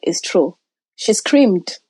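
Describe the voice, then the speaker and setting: A woman's voice: mid-range voice, lively intonation, takes it slowly, warm tone, husky, no echo, poor audio. A woman guest telling a personal story, acting out quoted voices and dropping to near-whispers.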